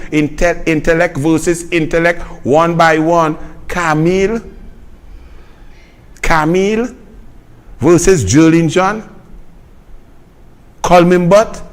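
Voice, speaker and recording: A Trinidadian man delivers a political commentary monologue with a high-pitched voice. He is sarcastic and mocking, jumping between loud jabs and quiet, muttered asides.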